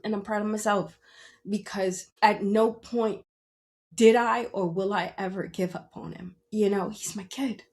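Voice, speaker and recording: A woman's voice: medium pitch, steady tone, unhurried. A middle-aged woman hosting a podcast, talking earnestly and tearfully about parenting, often repeating herself and asking "you understand?". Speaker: podcast host. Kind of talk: emotional personal monologue.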